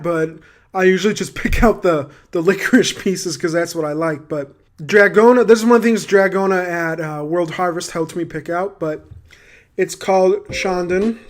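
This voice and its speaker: A young man hosting a casual food vlog taste test, chatty and halting with frequent ums. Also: high-pitched. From United States. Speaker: food vlogger.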